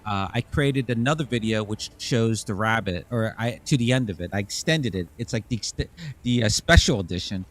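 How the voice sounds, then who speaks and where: A male VTuber chatting loosely through a gaming livestream. His voice sits at an ordinary mid pitch, and he rambles from thought to thought, dropping casual profanity as he goes. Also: a bit bright. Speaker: VTuber streamer.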